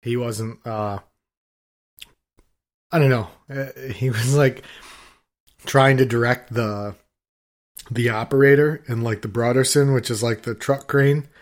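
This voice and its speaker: A man chatting casually on a podcast, spinning loose, filler-packed stories about work. He swears freely and keeps restarting his sentences. When he quotes angry coworkers, he imitates their shouting. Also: medium pitch, steady tone, a little slow, pauses often. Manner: rambling storyteller, swears freely, filler-heavy; acts out other people's shouting in his stories. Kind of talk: casual chat.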